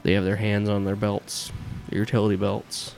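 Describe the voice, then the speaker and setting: A man's voice: fairly low pitch, completely flat delivery, moderate pace, creaky, darkish tone, faint music behind. A man narrating a tabletop game as game master, casual and chatty with lots of fillers and laughter.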